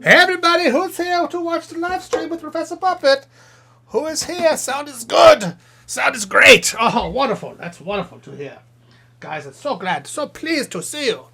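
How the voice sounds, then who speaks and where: A man's voice: very high-pitched, expressive, moderate pace, vocal fry, bright, forceful tone, faint music behind, heavily acted. A man voicing a cheery, goofy male puppet who hosts a live stream, chatting and joking with viewers. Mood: chipper. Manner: rambling, jokey, chatty with viewers.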